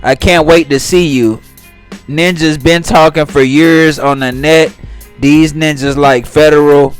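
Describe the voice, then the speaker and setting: A man's voice: fairly high pitch, steady tone, unhurried, smooth. Man ranting over faint music. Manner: talks straight to viewers, reads tweets aloud and mocks them. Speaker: commentary channel host. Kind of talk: casual commentary vlog.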